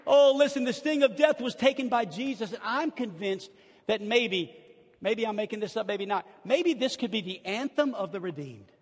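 An older man preaching a sermon in old-timey style, moving between hushed storytelling and shouted exclamations. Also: high-pitched, expressive, normal speed. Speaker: pastor. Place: church sanctuary. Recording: long reverb of a large church hall.

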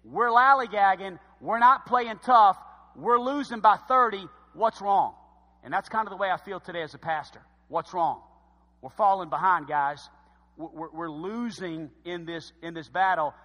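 Fervent high-voiced male pastor preaching. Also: moderate pace, in a large hall. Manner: fervent preaching with swings from loud shouts to low emphasis. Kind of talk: sermon.

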